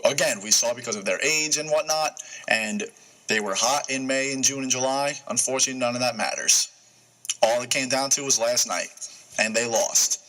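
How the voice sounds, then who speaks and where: A man's voice: mid-range voice, a little fast, a bit bright, low-quality recording. Young male sports host, emphatic. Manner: emphatic, asks and answers his own questions. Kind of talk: casual sports radio talk.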